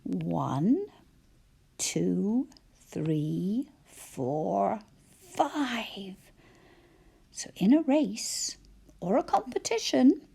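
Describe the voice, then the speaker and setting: Slow, lilting woman teaching phonics. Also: medium pitch, big pitch swings, vocal fry, a little mellow, breathy edge. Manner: slow, sounding out letters and syllables, cheerful praise. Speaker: primary school teacher. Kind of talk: phonics lesson for children.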